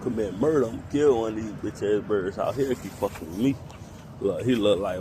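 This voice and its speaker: A man's voice: on the low side, fairly quick, background noise. A man chatting casually in a vlog, narrating what birds around him are doing in comic asides. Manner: animated, voices the birds' thoughts in comic asides. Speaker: vlogger.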